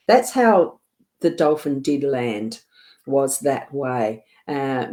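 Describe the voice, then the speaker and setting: A middle-aged Australian woman with a low, mellow voice talks viewers through a live card reading at her desk at home. She speaks gently and wanders between thoughts, filling pauses with "um" and "you know" and correcting herself as she goes. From South Australia. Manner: meandering, gentle, with frequent fillers and self-corrections. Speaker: psychic card reader.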